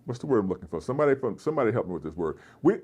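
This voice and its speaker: A man, an actor being interviewed, with a deep resonant voice, telling animated stories and slipping into voices. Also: racing, breathy edge. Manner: animated storyteller, slips into voices. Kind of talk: casual interview chat. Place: festival convention floor.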